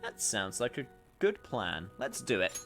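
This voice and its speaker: A man reading a calm, composed young female shogi player's lines from a game, in a quiet, measured voice. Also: on the low side, faint music behind, exaggerated voice.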